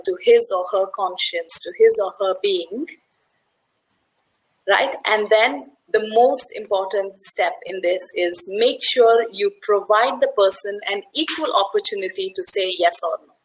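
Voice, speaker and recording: A woman's voice: medium pitch, normal speed, rough recording. A woman leading a networking workshop, who talks conversationally, tells stories and often checks in with "right?". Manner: briefly acts out the voices of people in her story. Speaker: workshop facilitator. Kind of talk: workshop talk with storytelling.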